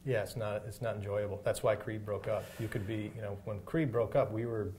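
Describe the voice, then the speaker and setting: Low-voiced man answering with hesitant restarts. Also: steady tone, brisk, a little mellow, slight background noise. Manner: hesitant, thoughtful, many restarts. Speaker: rock guitarist guest. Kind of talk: casual interview answers.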